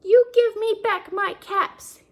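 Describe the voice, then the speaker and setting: A woman voicing an angry male cap peddler who scolds and shouts in a raised, high voice. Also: very slow, exaggerated voice. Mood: angry scolding.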